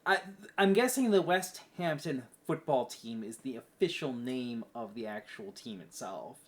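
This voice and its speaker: A man's voice: medium pitch, animated, a little slow. A man co-hosting a casual book podcast, talking in a rambling way full of fillers. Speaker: podcast co-host.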